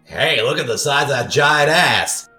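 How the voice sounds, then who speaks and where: A man's voice: mid-range voice, animated, a little slow, pushed and bright, reverberant, faint music behind. A man co-hosting a podcast, riffing casually on a movie and laughing often. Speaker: podcast co-host.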